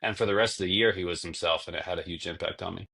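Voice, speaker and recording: Young man, low voice, podcast guest, rambling storyteller. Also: rapid-fire, vocal fry, pushed and bright, slightly rough. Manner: long-winded storytelling, acts out quotes. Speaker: podcast guest, former basketball player. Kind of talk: casual conversation.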